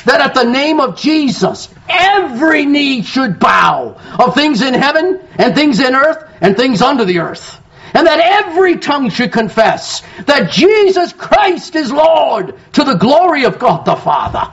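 A man's voice: very high-pitched, sing-song, unhurried, a bit bright. A man preaching a sermon as pastor, quoting scripture with strong emphasis and calling out to his congregation for responses. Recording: dull lo-fi sound.

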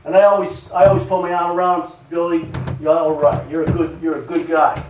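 A middle-aged man preaching a sermon, animated and dramatic, reading scripture and telling stories. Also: on the high side, fairly quick, lo-fi sound, noisy background. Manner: animated, dramatic, reads scripture in King James wording.

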